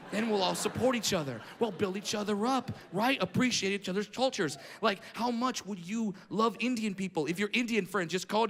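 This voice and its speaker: A male stand-up comedian on stage, ranting brashly with profanity and bursts of shouting. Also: high-pitched, fairly quick, hardly any pauses. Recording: echoey hall, audience noise.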